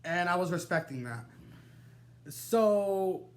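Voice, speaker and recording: A young man telling a wild personal story to the camera, animated and dramatic, swearing freely and laughing through his digressions. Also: high voice, slow. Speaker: vlogger. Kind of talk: storytime vlog, casual and profane.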